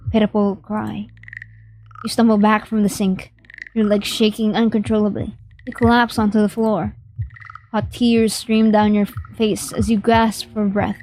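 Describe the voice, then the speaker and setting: A woman's voice: fairly high pitch, a little mellow, rough recording. A young woman streamer reading a horror game aloud in vivid, dramatic narration. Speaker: gaming streamer.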